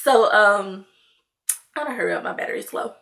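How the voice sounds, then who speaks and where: A young woman telling a storytime tale to her viewers in a loose, chatty way, full of "like" and "you know", and lively when she acts out her own lines. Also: medium pitch, a little fast. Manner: animated when mimicking herself in dialogue. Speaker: vlogger. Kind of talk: casual storytime chat.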